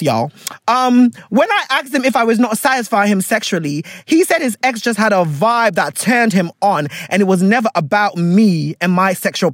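A woman's voice: fairly high pitch, dry recording, studio quality. A woman co-hosting a podcast, reading a listener's letter aloud and breaking off to comment bluntly and jokingly. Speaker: podcast co-host.

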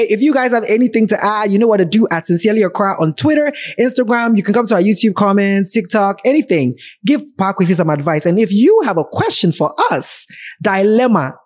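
A man with a Ghanaian accent chats through relationship advice as a podcast host, his voice sitting notably high. He speaks plainly and directly to his listeners, in a casual, advising way. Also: lively intonation, fast.

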